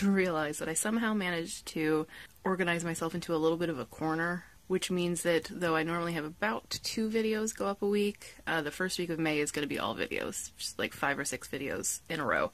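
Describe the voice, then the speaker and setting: A woman chatting to camera in a casual vlog, upbeat and self-mocking as she runs through her plans for the day. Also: deep voice. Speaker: book vlogger.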